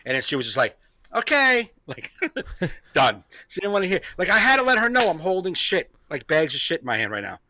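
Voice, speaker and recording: A man's voice: a little high, big pitch swings, fast, hardly any pauses, pushed and bright. A man hosting a comedy podcast, telling a rambling story in casual chat, repeating himself and laughing often.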